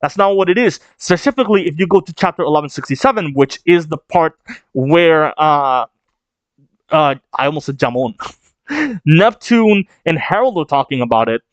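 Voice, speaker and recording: A man reading a manga chapter aloud and reacting, animated and chatty, thinking out loud. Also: fairly high pitch, normal speed, no echo.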